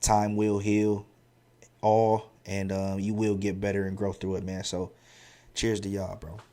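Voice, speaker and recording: A man hosting his own podcast and telling stories from his school years in a slangy, animated, casual way, with many restarts. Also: on the low side, a little slow. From central Ohio. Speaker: podcast host. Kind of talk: casual storytelling monologue.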